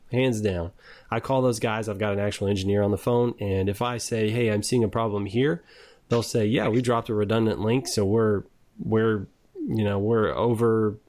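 A man, a network engineer, talking bluntly in casual chat, swearing and wandering off on tangents. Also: fairly low pitch. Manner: blunt, profane, meandering.

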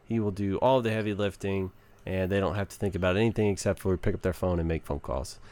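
Low-voiced Texan man hosting. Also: steady tone, fast talker, darkish tone. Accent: Southern US, Texas. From Texas. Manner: joking, easygoing, reads ads loosely. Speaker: podcast host. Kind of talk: casual chat.

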